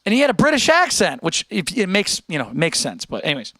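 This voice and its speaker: Animated American man chatting on stream. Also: high voice, quick pace, no room sound. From United States. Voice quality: animated, chatty, talks straight to chat. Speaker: live-stream host. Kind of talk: casual live-stream chat.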